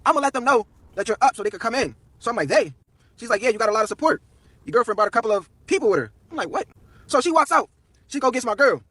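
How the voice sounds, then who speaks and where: A young man tells a story on a live stream, fast and loose with slang and swearing. His voice sits high and a little husky. He plays every person's lines himself as he goes. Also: animated, pushed and bright, dry recording. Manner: slangy, profane, quoting everyone in turn.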